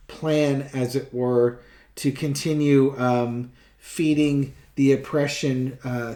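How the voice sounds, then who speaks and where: A man's voice: medium pitch, mellow, echoey room. A man giving a casual tarot reading, talking in a rambling, sarcastic way with many restarts. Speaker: tarot reader.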